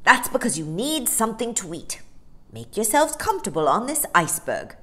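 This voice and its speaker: A woman's voice: fairly high pitch, very animated, moderate pace, pitched above the performer's own voice. A woman voicing a big, friendly male polar bear in a storybook reading, hearty and sociable. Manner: hearty, loud and warmly sociable.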